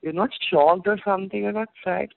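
A man voicing an anxious male accountant who reports in a hurried, worried way, heard over a tinny phone-like line. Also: high-pitched, steady tone, creaky, no echo. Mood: alarmed.

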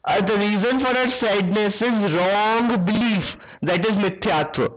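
A woman's voice: mid-range voice, unhurried, dull audio. A woman teaching an online religion class, often quizzing her pupils with questions. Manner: asks pupils frequent quiz questions.

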